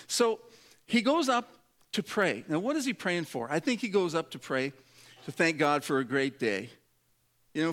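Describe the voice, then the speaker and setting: A man's voice: on the high side, sing-song, normal speed, fairly bright tone. A man preaching a sermon, dramatic, dropping his voice to act out prayers and quotes. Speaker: pastor.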